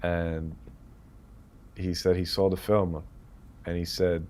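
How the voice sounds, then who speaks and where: Emirati filmmaker guest, thirties, lowish voice, lively anecdotes full of quoted dialogue. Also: male voice, slow. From United Arab Emirates. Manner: animated, quotes others while telling anecdotes. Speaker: film director guest. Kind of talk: casual interview storytelling.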